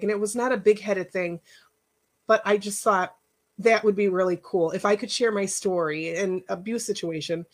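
A middle-aged woman who works as a life coach gives a casual workshop talk, chatty and personal, full of stories and rambling asides. Her voice is medium-pitched.

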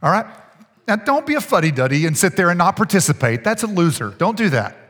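A man preaching a sermon as pastor, energetic and coaxing, repeating key phrases to his congregation. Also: high-pitched, fast. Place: church hall. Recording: echoey church hall with long reverb.

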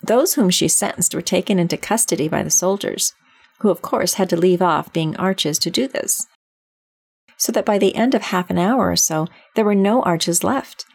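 Brief: woman narrator, measured storybook reading, dry sound. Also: on the low side, gravelly, a little mellow, slightly rough, no room sound.

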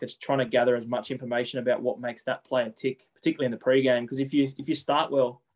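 A man, a coach answering interview questions in quick runs with frequent repeated words. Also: medium pitch, darkish tone.

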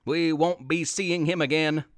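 A man voicing a gruff, heroic male town dentist in a storybook reading, speaking low and grumbling. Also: steady tone, measured pace, dry recording, studio quality, lightly acted.

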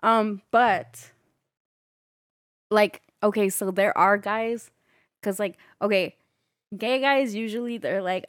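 A woman's voice: medium pitch, steady tone, a little slow, dry recording. Young woman gabbing candidly, lotta "like"s, mid voice, dry. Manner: candid, chatty, fond of "like". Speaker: guest. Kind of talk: casual chat.

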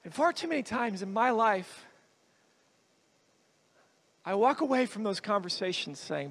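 A man's voice: high-pitched, very animated, measured pace, long pauses, a bit bright. A man preaching a sermon as a guest speaker in a church, earnest and emphatic, repeating his phrases for weight. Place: church hall with a congregation.

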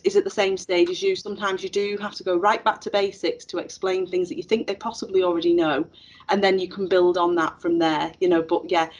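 A middle-aged teacher educator with a mid-range voice tells stories during a casual interview, captured in a rough recording. Her speech is packed with fillers and false starts.

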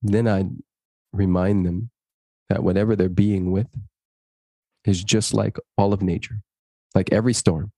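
A man's voice: fairly low pitch, unhurried, long pauses, dry recording, studio quality. A man, a guest in an interview, telling a personal story and acting out the dialogue in it. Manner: animated, acts out dialogue in his stories.

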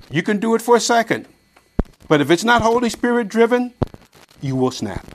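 A man preaching a sermon, reading scripture slowly and swinging between loud emphatic peaks and quiet asides. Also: high voice. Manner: reads scripture aloud slowly and deliberately.

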